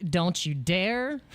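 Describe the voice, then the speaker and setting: An American man with a high, fairly bright voice hosts a casual crypto livestream, rambling and joking. Jittery from espresso, he laughs often and keeps restarting his sentences.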